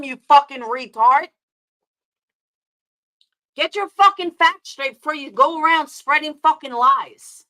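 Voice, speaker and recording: Bright-voiced, heated New York woman ranting. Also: high-pitched, measured pace, pauses often. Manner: heated, profane, confrontational, answering chat. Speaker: streamer. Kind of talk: angry live-stream rant.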